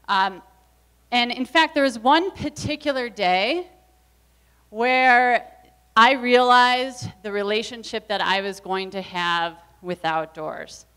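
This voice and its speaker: A woman's voice: medium pitch, a bit bright, clean tone. A woman speaker at an evening event, telling a personal story in an earnest, reflective way. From US Midwest. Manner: earnest, reflective, acts out quoted voices.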